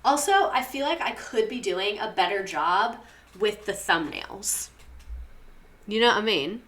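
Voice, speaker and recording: Young woman chatting on a livestream, bright voice, rambly and full of "like". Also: medium pitch, expressive, measured pace. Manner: chatty, rambling, lots of "like" and laughs. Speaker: livestream host reading viewer stories. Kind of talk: casual livestream chat.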